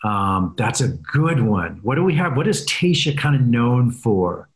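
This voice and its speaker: A man chatting as a guest in an interview, upbeat and quick to laugh. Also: medium pitch, big pitch swings. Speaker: guest, reality dating show host. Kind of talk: casual interview chat. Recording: roomy echo.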